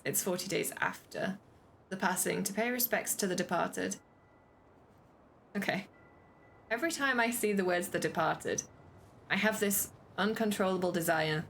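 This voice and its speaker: A woman streams a game and chats through it, giggling and stumbling over the text she reads aloud. Her mid-pitched voice has a gravelly edge, with a faint hiss behind it. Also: a bit bright. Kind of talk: casual game commentary.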